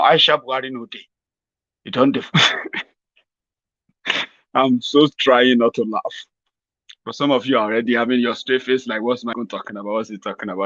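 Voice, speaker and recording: A Nigerian man holds forth in a mocking political vlog, rambling and sarcastic, often chuckling at his own remarks. His voice sits mid-pitch. The sound is dull and dry. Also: fairly bright tone, no room sound. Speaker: political commentator host.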